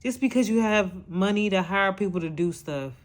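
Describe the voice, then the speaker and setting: A woman's voice: mid-range voice, moderate pace. A woman hosting a podcast, scolding her subject in a blunt, exasperated rant. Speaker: podcast host. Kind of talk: casual reaction rant.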